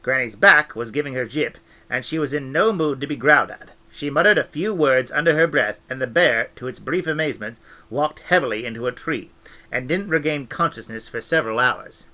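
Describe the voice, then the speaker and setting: A man reading a novel aloud with expressive, animated storytelling. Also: medium pitch, a little fast. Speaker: audiobook reader.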